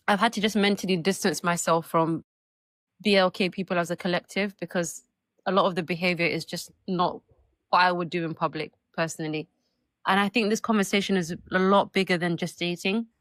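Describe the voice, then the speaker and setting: A woman from the UK on a live online panel, speaking fluently and bluntly in a measured way. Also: fairly low pitch, fairly even intonation, fairly bright tone, dry recording. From United Kingdom. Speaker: panel guest.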